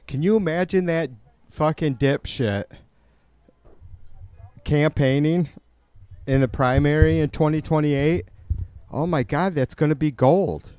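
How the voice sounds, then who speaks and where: A man's voice: on the high side, a little slow, pauses often, mellow, clear, resonant tone, dry recording. A man live-streaming casual political commentary, swearing a lot and rambling with many restarts as he answers his chat. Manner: profane, rambling with frequent restarts.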